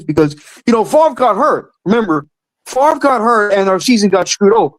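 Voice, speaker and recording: High-voiced, emotional young man ranting. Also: lively intonation, normal speed, low-quality recording. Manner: emotional, swearing, rambling. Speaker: caller. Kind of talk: casual sports call-in rant.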